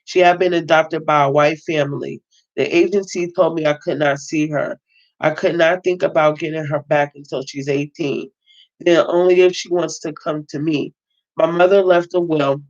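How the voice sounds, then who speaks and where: A woman's voice: deep voice, fairly even intonation, moderate pace. A woman hosting a casual book reading, reading a novel aloud and breaking in with her own blunt, emphatic remarks. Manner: emphatic, talks back to the text, swears freely. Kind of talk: casual read-aloud with reactions. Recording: dull lo-fi sound.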